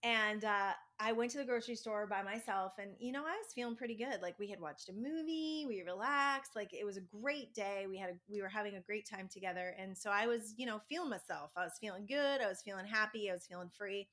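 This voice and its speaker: A woman's voice: mid-range voice, a little fast, few pauses. A middle-aged woman hosting a self-help podcast, telling personal stories in a chatty, upbeat way. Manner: chatty storytelling, animated and upbeat. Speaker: podcast host. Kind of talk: casual spiritual self-help monologue.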